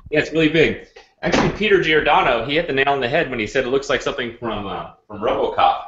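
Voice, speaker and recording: A man's voice: medium pitch, quick pace, a bit bright, a little hiss or hum. Man hosting in a roomy, muffled call. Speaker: host. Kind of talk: casual web show hosting. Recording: roomy, dull video-call audio.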